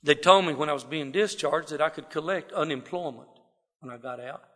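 A man's voice: a little high, brisk, sharp tone. A middle-aged man from South Texas with a Texas drawl, telling a folksy, self-deprecating personal story to a live audience. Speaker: speaker sharing his recovery story. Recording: long hall reverb.

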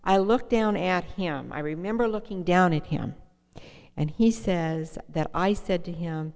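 A middle-aged woman speaks in a somewhat low voice, sharing her own recovery story as testimony. She talks earnestly and directly, often turning to the audience with questions. Her voice rings with the long reverb of a hall. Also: a little slow, gravelly, a little mellow. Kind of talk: personal testimony talk.

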